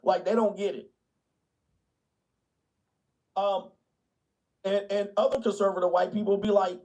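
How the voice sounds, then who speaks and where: A man's voice: high voice, level tone, measured pace, pauses often, darkish tone, rough recording. A man ranting in a blunt, mocking way in casual chat, laughing often and sliding into put-on voices. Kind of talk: casual comedic rant. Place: small town, gated suburban home.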